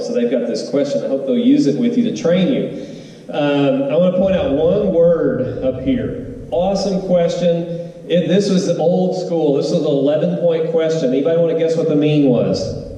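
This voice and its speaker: Male teacher, exam review lecture, mellow low-toned delivery, heard from a distance in a big reverberant hall. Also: slight background noise. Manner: animated, sing-song emphasis, asks the room questions. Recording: roomy hall, voice from far off.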